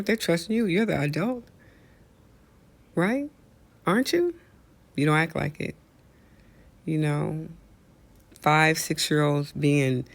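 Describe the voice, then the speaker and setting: Male host, impassioned solo rant, gravelly voice pitched slightly high, preachy. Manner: outraged, preachy, rhetorical questions. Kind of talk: impassioned monologue.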